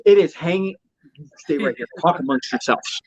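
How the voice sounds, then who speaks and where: A man co-hosting a podcast in casual chat, excitable and gushing, swearing now and then. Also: fairly high pitch, moderate pace, slightly rough. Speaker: podcast co-host. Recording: dull lo-fi audio.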